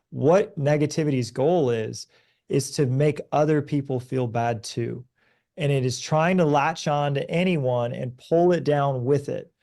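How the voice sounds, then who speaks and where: A man in his thirties speaks as a podcast guest, earnest and conversational. His voice is mellow and warm, sitting at a middling pitch. He tells stories with growing energy. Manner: earnest, storytelling, animated when recounting events. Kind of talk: conversational advice talk.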